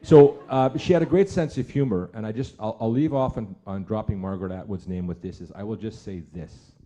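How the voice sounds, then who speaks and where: A man's voice: lowish voice, brisk, mellow. A man, an author, telling a wry comic story on a theater stage. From Canada. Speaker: author on a festival panel.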